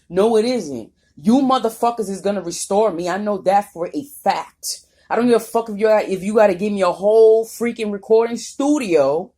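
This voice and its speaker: A woman's voice: mid-range voice, moderate pace, dark tone. A woman vlogger talking off the cuff in a rambling, profane, confrontational rant. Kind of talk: unscripted vlog monologue.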